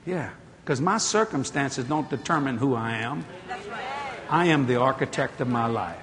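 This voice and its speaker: A male preacher telling stories in a folksy, animated way, building to exclamations before a congregation. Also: mid-range voice, normal speed, a crowd in the background. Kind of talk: storytelling sermon. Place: church hall or auditorium. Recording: echoey hall with a congregation.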